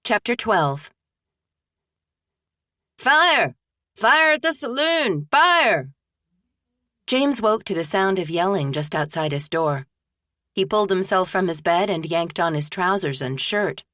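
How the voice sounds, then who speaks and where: Low-voiced woman narrating a novel. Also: lively intonation, normal speed, no echo, clean studio sound. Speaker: audiobook narrator. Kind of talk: scripted narration.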